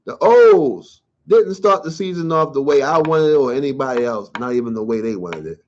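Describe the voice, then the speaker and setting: A man's voice: mid-range voice, expressive, normal speed, darkish tone, slight background noise. A man hosting a solo sports talk show, blunt and profane, ranting about his team in casual slang. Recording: dull lo-fi sound.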